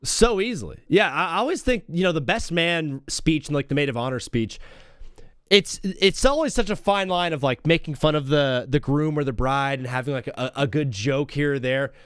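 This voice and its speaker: A man's voice: fairly high pitch, animated, normal speed, fairly bright tone, clear, resonant tone, no echo, clean studio sound. A man hosting a casual call-in radio show, chatting and telling an easygoing story. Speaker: radio host. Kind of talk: casual chat.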